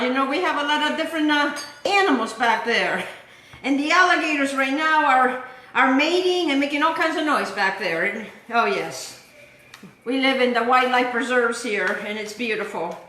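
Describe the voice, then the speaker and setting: A woman's voice: high voice, bright, forceful tone, roomy sound, a little hiss or hum. A woman hosting a home cooking show, chatting to viewers and often checking in with them as she works in her kitchen. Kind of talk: casual cooking demonstration.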